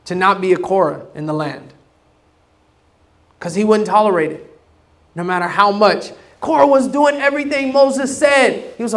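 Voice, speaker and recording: A man preaching a sermon in a high voice. He is animated and casual, acts out the voices he quotes, and swings between loud bursts and quiet, low asides. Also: moderate pace. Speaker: pastor.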